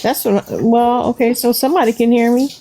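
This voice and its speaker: Chatty Cajun woman, higher voice. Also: steady tone, a little fast, dark tone, slight background noise. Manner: chatty, asks viewers questions. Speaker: livestream host. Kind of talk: casual livestream chat.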